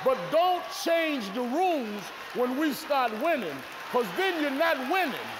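High-voiced reverend shouting in a hall. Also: male voice, big pitch swings, unhurried. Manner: shouting, emphatic and indignant. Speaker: reverend, panel speaker. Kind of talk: fiery political speech. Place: large auditorium. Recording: echoey hall, faint crowd and noise.

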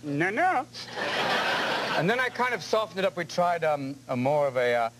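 A man talking in a high voice that jumps all over the place. He fires off jokes and slides into impressions, chatting on a talk show. Heavy hiss from an old broadcast tape sits under him. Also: sing-song. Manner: rapid-fire jokes, jumping into impressions. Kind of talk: comic talk-show banter. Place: television studio before an audience.

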